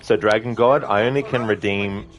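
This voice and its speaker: A man with a very low voice chats easily with his viewers while he plays, slipping in plenty of fillers. His tone stays loose and friendly. Faint music plays behind him. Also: normal speed. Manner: relaxed, friendly, rambling with fillers. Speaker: game streamer. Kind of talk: casual chat with viewers over gameplay.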